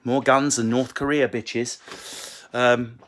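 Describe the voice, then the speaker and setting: A comedian answering viewer questions in a casual Q&A, swearing and joking in quick asides, from a book-lined room at home on a phone. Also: male voice, mid-range voice, flat delivery, a bit bright, slight background noise. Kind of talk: casual livestream Q&A.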